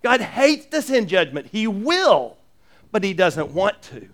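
Male pastor, high voice, lively sermon delivery with joking asides and frequent restarts. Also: slow pace. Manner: animated, earnest, jokey asides, frequent repeated restarts.

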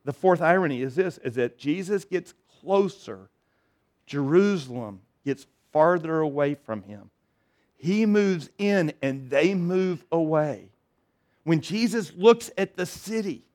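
A middle-aged man delivers a sermon, his voice sitting slightly higher than most men's. He talks earnestly and conversationally, stumbling over restarts. He rises to loud declarations and falls to quiet, low passages. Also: expressive, a little slow. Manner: earnest, conversational preaching with many restarts and swings between loud and soft. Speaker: pastor.

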